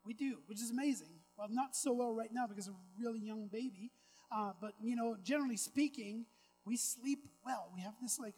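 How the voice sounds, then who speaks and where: A woman's voice: fairly high pitch, fairly quick, warm tone, faint music behind, rough recording. A woman preaching a sermon, chatty with casual asides, then building to emphatic, repetitive preaching. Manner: conversational, with casual asides and self-deprecating humor.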